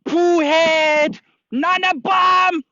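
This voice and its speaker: A man's voice: very high voice, steady tone, very slow, sharp tone, no echo, muffled recording, pitched above the performer's own voice, exaggerated voice. A man voicing a rowdy troop of cheeky monkeys hurling shrieking, childish insults in a storytelling vlog. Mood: jeering. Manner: shrieking taunts, mocking.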